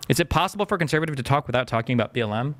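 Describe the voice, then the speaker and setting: Fast-talking, blunt, exasperated man. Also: medium pitch, lively intonation, fairly bright tone. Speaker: streamer answering chat questions. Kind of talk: heated live-stream debate.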